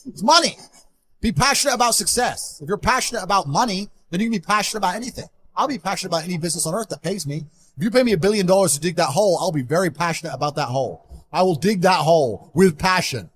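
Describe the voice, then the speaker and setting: A man giving an interview, talking in a blunt, forceful, emphatic way. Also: sits high, expressive, fast, breathy edge. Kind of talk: motivational interview talk.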